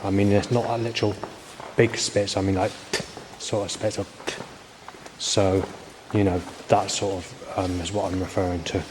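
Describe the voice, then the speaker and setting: A man's voice: sits low, flat delivery, moderate pace. Rambling, swearing man in his forties. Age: 40s. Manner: rambling, hesitant, swears often, many fillers. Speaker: vlogger. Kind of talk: rambling spoken video diary. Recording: faint background noise.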